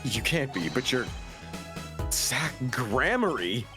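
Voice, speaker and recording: A man's voice: medium pitch, very animated, takes it slowly. A man voicing a young male defense lawyer, flustered and over-the-top, slipping in sarcastic asides. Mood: urgent. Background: game music.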